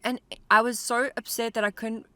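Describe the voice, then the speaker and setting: A woman's voice: a little high, normal speed, dry recording. A young woman, telling a story in casual chat while riding in a car, peppering her talk with "like". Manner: animated storyteller, lots of "like". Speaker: podcast co-host.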